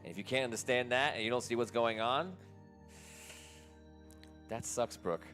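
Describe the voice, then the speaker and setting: A man's voice: mid-range voice, normal speed, a bit bright, faint music behind. A man narrating as game master, often repeating words as he goes.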